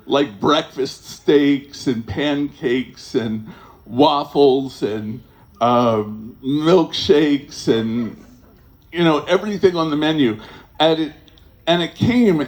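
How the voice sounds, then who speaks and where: A man telling a personal story to a live audience, rambling and halting, with many fillers and restarts, often chuckling as he goes. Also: a little high, darkish tone.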